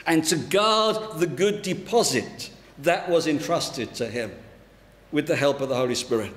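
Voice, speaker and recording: A man preaching a sermon as a pastor, in a conversational, storytelling way, in a church hall. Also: on the high side. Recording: roomy church hall with long reverb.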